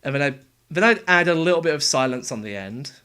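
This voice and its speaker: A young man casually explaining how he made game voices, talking in a relaxed, halting way. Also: fairly high pitch, clean tone. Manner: halting, relaxed, with fillers and restarts. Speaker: game voice actor and sound editor. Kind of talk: casual developer commentary.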